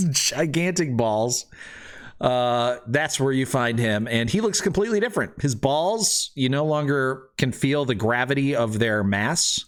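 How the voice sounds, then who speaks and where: A man's voice: medium pitch, animated, unhurried. A young man running a tabletop game as game master, narrating scenes with loose, joking asides and frequent laughter.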